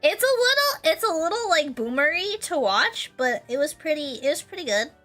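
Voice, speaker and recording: A woman's voice: high-pitched, sing-song, normal speed, pushed and bright, soft background music. A young woman streamer in casual chat with her viewers, bubbly and rambling, laughing often and repeating herself.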